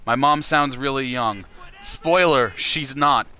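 A man's voice: medium pitch, takes it slowly, pushed and bright, soft background music. A young man livestreaming a charity fundraiser, joking, profane and self-mocking in casual chat.

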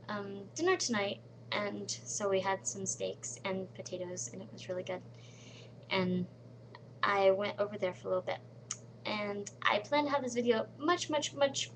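Woman, casual vlogger, average pitch, rambling delivery with murmured asides, home webcam setup. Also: noisy background. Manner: rambling, many "um"s, drops into soft murmured asides. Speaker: vlogger in a collab channel. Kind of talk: casual chat to camera. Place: at home, late at night.

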